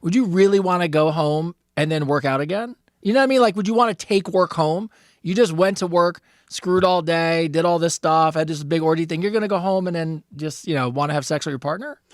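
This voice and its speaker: A man's voice: fairly high pitch, fairly quick, dry recording, clean studio sound. A man co-hosting a casual advice chat show, playful and rambling, reading listener letters aloud. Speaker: podcast co-host.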